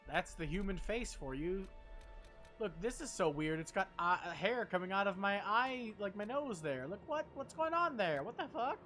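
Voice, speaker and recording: A game streamer in casual, joking commentary, swearing freely and poking fun at their own efforts. The pitch moves in wide, animated swings. Faint game music plays underneath. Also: moderate pace. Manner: joking, profane, self-deprecating.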